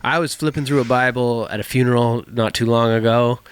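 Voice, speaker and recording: A man's voice: medium pitch, fairly even intonation, a little fast, clean tone, no echo. A man co-hosting a casual podcast, swearing freely and drifting off on tangents. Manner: profane, rambling, jokey. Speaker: podcast co-host. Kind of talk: casual chat.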